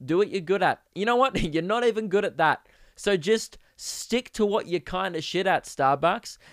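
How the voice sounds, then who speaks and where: A young Australian man hosting a podcast, ranting comically and exasperatedly, jumping into sudden high-pitched outbursts. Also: expressive, normal speed, no echo, clean studio sound. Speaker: podcast host. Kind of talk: comedic rant.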